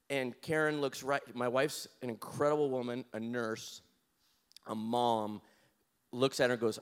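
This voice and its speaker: As an interview guest, a man tells a personal story with animation, laughing and acting out his own lines. His voice is mid-range.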